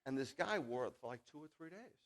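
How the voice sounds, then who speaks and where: A man in his fifties, a rabbi giving a sermon, telling personal stories in an animated, jokey, emphatic way. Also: on the high side, fast.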